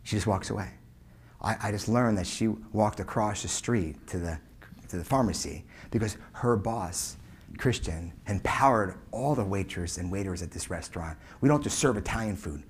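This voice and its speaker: A man in his forties telling a customer service story as a keynote speaker, emphatic, swinging between loud punches and hushed asides. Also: lowish voice, normal speed, breathy edge.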